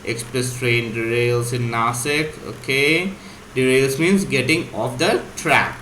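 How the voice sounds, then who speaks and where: A man's voice: medium pitch, bright, forceful tone. Man explaining vocabulary in an echoey room. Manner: explains words slowly, spells them out. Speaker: teacher. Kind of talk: casual vocabulary lesson. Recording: echoey room, faint hum.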